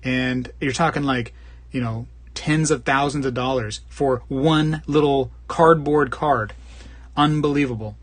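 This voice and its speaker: A man's voice: unhurried, no room sound. A man hosting a live stream, casually rambling and joking as he reads viewer comments. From Florida. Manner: rambling, jokey, puts on squeaky voices for bits. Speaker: live stream host reading chat.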